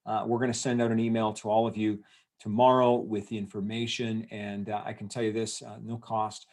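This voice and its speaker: A man hosting an online event, giving an energetic motivational talk over a video call and asking his audience questions. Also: lowish voice, a little fast. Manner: energetic, rallying, asks the audience questions, many fillers. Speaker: event host.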